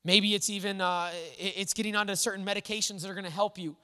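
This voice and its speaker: A man's voice: high voice, little pitch movement, fast, pushed and bright, clean tone. A man preaching a sermon in an earnest, conversational way, with frequent restarts. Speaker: pastor. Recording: long hall reverb.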